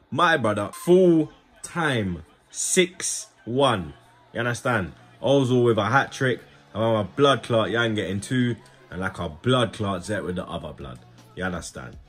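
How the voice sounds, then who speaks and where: Slangy man commentating a football game. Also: lowish voice. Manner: slangy, excitable running commentary. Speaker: gaming YouTuber. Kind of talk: casual gaming commentary.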